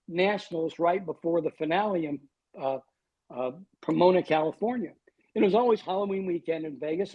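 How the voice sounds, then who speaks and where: Older guy in his 60s, a bit husky and higher voiced, dry self-mocking stories, dull lo-fi sound. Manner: wry, self-deprecating storyteller. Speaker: guest, TV weatherman. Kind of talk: storytelling in a podcast interview.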